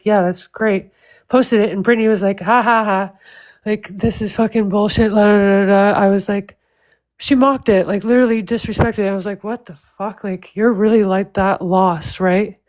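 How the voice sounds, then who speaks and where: A woman's voice: mid-range voice, a little mellow, poor audio. A woman livestreaming, ranting at length in a heated, profane, repetitive way.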